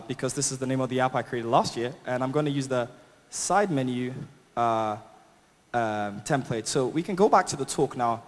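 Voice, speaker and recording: In a large conference hall with long reverb, a medium-pitched man with a non-native English accent delivers a chatty, upbeat live tech talk and demo. He laughs at his own jokes and leans on plenty of fillers.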